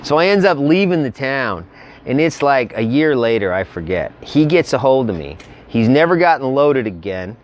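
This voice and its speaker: A man's voice: medium pitch, sing-song, moderate pace, highs cut off. A man telling a rambling road story to his vlog audience in a casual, profane, slangy way. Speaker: motorcycle travel vlogger.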